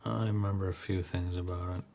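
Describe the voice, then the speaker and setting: Man interviewee, very low and monotone, withdrawn answers. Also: a little fast, vocal fry, a little hiss or hum. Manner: quiet, short, withdrawn answers. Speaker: offender being interviewed.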